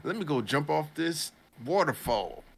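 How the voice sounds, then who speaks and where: A man's voice: on the high side, expressive, measured pace, creaky, slightly rough, pitched above the performer's own voice, heavily acted. A man voicing a naive young male healer summoned to another world, chirpy and talking to himself. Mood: cheerful.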